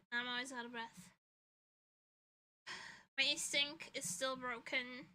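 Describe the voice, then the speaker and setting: Her voice sits high, pushed and bright, with fairly even intonation and a slow pace, heard through a rough recording. She's a vtuber streamer and illustrator chatting casually in her own room, rambling, giggling and swearing, tired and stuffy-nosed.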